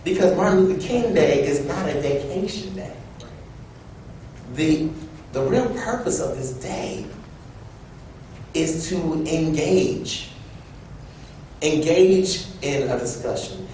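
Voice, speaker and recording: A young man giving a personal storytelling speech at an event, animated and acting out quoted voices. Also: slow pace, pauses often. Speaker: event speaker. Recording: echoey room from far off with low rumble.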